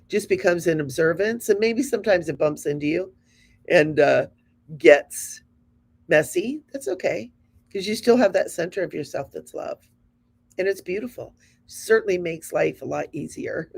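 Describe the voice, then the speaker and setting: A woman's voice: on the low side, creaky, darkish tone. A woman in her fifties hosting a spiritual show, talking to her audience in an earnest, encouraging, conversational way. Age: 50s.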